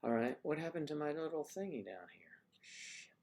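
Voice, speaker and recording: Male livestream host, gravelly, lively pitch, chatty and teasing, greeting viewers by name. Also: normal speed. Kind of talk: casual livestream chat.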